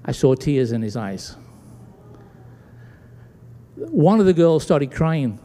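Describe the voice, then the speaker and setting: A man from Britain, a pastor, preaches slowly in a voice that's a little high. Animated, he voices the characters of his story aloud. The sanctuary setting leaves a long church-hall reverb on the recording.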